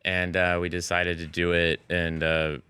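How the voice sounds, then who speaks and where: Man, talk show guest, animated storyteller, deep voice, dry studio sound. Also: unhurried, smooth, no echo. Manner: animated storytelling, slips into character voices and laughs. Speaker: guest comedian. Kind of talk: casual talk show chat.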